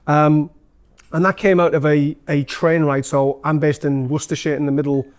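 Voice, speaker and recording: Geordie businessman telling stories to a room, a touch high-voiced, chatty and self-mocking. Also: level tone, normal speed. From North East England. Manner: chatty, self-deprecating storyteller with many fillers. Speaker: former CEO giving a guest talk. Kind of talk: live anecdotal talk to an audience. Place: event room with an audience.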